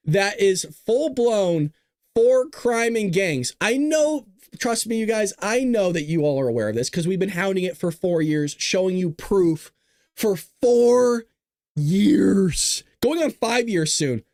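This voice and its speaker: High-voiced ranting male commentator. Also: no echo, clean studio sound. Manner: ranting, sarcastic, addresses viewers directly. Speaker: show host. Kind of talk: political commentary.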